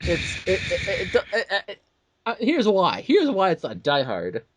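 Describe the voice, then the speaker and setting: A man's voice: sits high, moderate pace, background noise. A man co-hosting a casual movie talk show, ranting with lots of restarts and acted-out quotes. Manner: animated ranting with many restarts and quoted asides. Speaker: podcast co-host.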